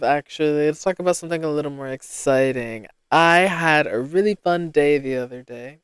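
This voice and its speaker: A young woman from Rhode Island hosting a casual solo podcast, rambling and self-deprecating with sudden bursts of excitement. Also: sits low, measured pace, clear, resonant tone, no echo. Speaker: podcast host.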